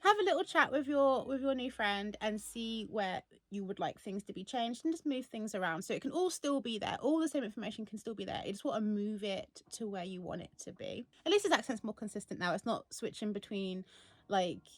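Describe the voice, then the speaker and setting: A woman's voice: mid-range voice, expressive, brisk, dry recording. A woman chatting casually as a vlogger, rambling with lots of fillers as she walks through a setup. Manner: chatty, rambling with frequent "like" and laughs. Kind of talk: casual walkthrough chat.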